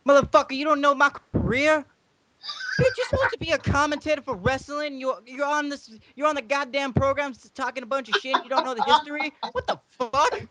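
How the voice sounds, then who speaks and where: A man's voice: a little high, fast talker, noisy background, lightly acted. A man doing a slangy old wrestling manager. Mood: furious. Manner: streetwise slang, calls people dog and player. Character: swaggering older male wrestling manager, slangy. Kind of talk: comic impression on a podcast.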